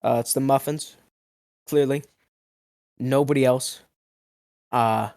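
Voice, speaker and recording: A man's voice: medium pitch, steady tone, slow, gravelly, long pauses. Rambling young man with cracking voice. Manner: rambling, mock-outraged, swings between mumbling and yelling. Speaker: food review vlogger. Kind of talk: absurd comedic storytelling.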